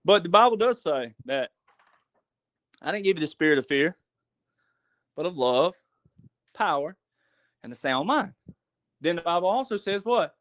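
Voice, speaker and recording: A man's voice: on the high side, animated, normal speed, long pauses, a bit bright, dry recording, studio quality. A man, a podcast guest telling a story and preaching in a folksy way, asking the listener questions. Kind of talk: casual storytelling monologue.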